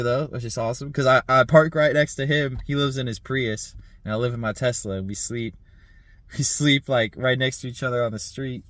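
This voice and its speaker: A man's voice: medium pitch, brisk, fairly bright tone. A man in his thirties talks loosely to the camera, wandering off track, chuckling at his own ideas and peppering every thought with filler words and curses. His voice sits in an ordinary middle register, and the sound is close and dry with no room echo. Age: 30s. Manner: rambling, laughing, swearing, frequent fillers. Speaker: vlogger. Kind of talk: casual vlog monologue.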